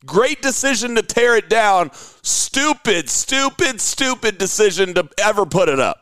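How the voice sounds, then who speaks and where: Dry close audio, high-voiced guy tossing out wry jokes and laughing on a golf podcast. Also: very animated, a little slow, fairly bright tone, clean tone, no room sound. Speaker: podcast co-host. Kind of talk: casual chat.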